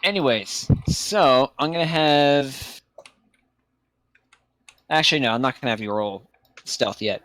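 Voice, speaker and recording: A man's voice: medium pitch, measured pace, pauses often, a bit bright. A man narrating as game master in a tabletop game, laughing often and fighting a frog in his throat. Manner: laughs often, struggles to hold a put-on accent.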